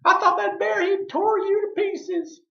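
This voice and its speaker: A high, shrill old granny in a backwoods folk tale, breathless and alarmed, voiced far above the storyteller's own range, as a man puts her on. It is recorded in a roomy space with a slightly dull, muffled sound. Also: level tone, unhurried, creaky, full character voice. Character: frightened elderly woman, Granny Beecher.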